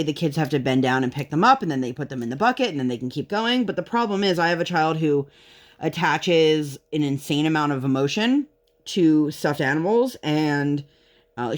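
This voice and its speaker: A woman talking casually to her viewers while she works on a craft project. She rambles through a parenting story, drifting into tangents and then pulling herself back on track. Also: low-pitched. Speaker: vlogger and parent.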